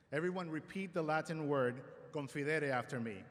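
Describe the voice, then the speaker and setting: A man giving a formal convocation address at a school ceremony, measured with light self-deprecating humor, speaking at a podium microphone. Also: on the high side, a bit bright. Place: large auditorium. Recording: long hall reverb in a large auditorium.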